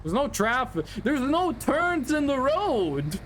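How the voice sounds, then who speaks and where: His pitch is extremely high and sing-song, taken slowly, a bit bright, with a little hiss or hum. He playfully rambles through live-stream gameplay chat for a driving game, joking and humming tunes.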